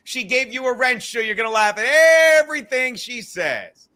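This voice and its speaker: A man, a comedian hosting a podcast, talking in crude, animated, profane banter. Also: very high-pitched, moderate pace. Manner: crude, animated, swearing often. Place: car.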